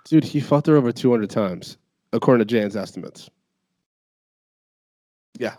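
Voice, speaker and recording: A man in casual conversation, retelling a story in an animated, profane way. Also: mid-range voice, normal speed, no room sound, studio quality. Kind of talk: casual chat.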